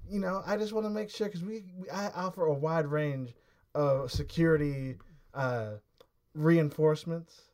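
A man voicing a smooth-talking con man who pushes his services with wheedling sales patter. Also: a little high, moderate pace, a little mellow, natural voice.

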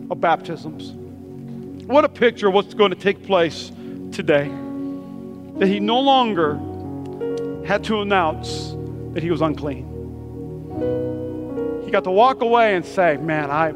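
A man with an unusually high voice preaches from the pulpit, driving points home through repetition and call-and-response. Soft music hums faintly behind him. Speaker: pastor. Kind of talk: sermon. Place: church.

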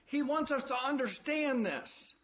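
A man's voice: very high-pitched, expressive, a little slow, a bit bright. A man preaching a sermon, emphatic, repeating his phrases and asking rhetorical questions.

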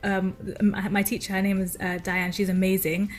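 A woman's voice: mid-range voice, little pitch movement, normal speed, soft background music. A woman chatting as a radio guest, bubbly and laughing often between her words. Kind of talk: casual chat.

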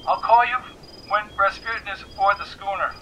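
A man voicing a worried female crew member speaking over a radio device, soft and a little shaky. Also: sits high, steady tone, brisk, a little hiss or hum, pitched above the performer's own voice, rough recording. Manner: soft, quiet and slightly shaky. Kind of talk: audiobook character reading.

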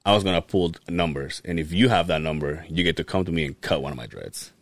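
A man's voice: quick pace, no room sound. A man co-hosting a casual podcast, telling family stories with lots of swearing and acting out his relatives' lines. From abroad, moved to the country in 2001. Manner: animated storytelling, swearing, acts out relatives in high voices. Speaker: podcast co-host. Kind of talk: casual chat.

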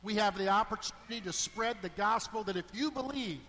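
A middle-aged man delivers a sermon as a deacon, his voice pitched high and ringing out. He drops to hushed asides, then builds to emphatic calls. The church around him adds a long, lingering reverb. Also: a little fast, slight background noise. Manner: animated, swings between hushed and emphatic.

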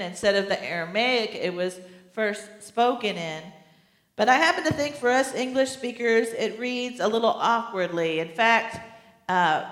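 A woman pastor preaching a sermon in a slow, deliberate way, repeating key phrases for emphasis. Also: medium pitch, a bit bright. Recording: echoey hall, long reverb.

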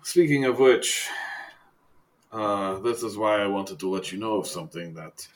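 A man voicing an older male ex-criminal who keeps a tavern and lost his legs, rambling and chuckling with hesitant pauses. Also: fairly low pitch, natural voice, low-quality recording. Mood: folksy.

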